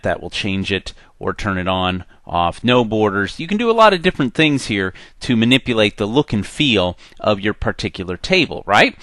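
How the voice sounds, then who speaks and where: A man teaching a software screencast tutorial in an upbeat, conversational way with playful asides. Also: mid-range voice, no room sound. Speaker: software instructor.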